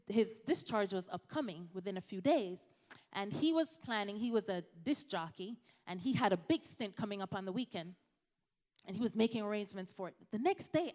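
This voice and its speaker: A woman's voice: mid-range voice, a little mellow, in a large hall. A woman from Jamaica, a physician giving a conversational health talk to a church congregation, addressing the audience directly. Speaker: physician speaker.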